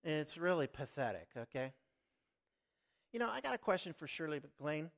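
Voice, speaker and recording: A man's voice: a little high, big pitch swings, moderate pace, vocal fry. A middle-aged man preaching a sermon, earnest and emphatic, with sudden swells and drops in volume. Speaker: lay preacher.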